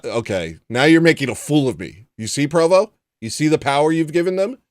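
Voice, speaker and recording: Lively, sardonic male livestream host. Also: mid-range voice, normal speed, no echo. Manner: dry, sardonic asides. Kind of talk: casual chat reading viewer comments.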